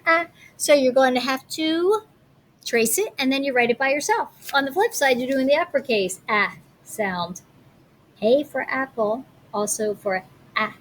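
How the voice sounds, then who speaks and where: A woman teacher reading a picture book aloud and leading a lesson, chatty and animated. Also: on the high side, a little hiss or hum. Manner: chatty and animated, slows down to read alliterative lines.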